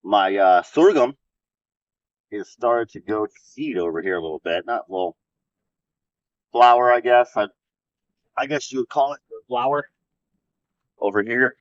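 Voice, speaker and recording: A man's voice: mid-range voice, lively intonation, a little slow, long pauses, no echo. A man hosting a casual garden vlog, chatting in an easygoing, rambling way as he walks around an outdoor desert garden. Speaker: vlog host. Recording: dull lo-fi dry sound.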